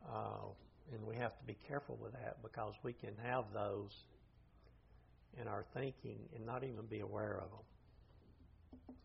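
A man's voice: lowish voice, fairly even intonation, a little slow, gravelly, pauses often, slight background noise. An older man teaching an informal Bible study class, plain-spoken and thinking aloud as he goes. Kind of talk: informal lecture to a group. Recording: dull lo-fi recording.

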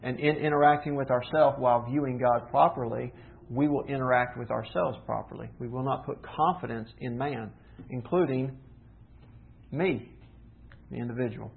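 A man's voice: medium pitch, gravelly. Man preaching through a tinny line. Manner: earnest teaching, rhetorical questions, emphatic slowdowns. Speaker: pastor. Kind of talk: sermon. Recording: tinny phone-like sound.

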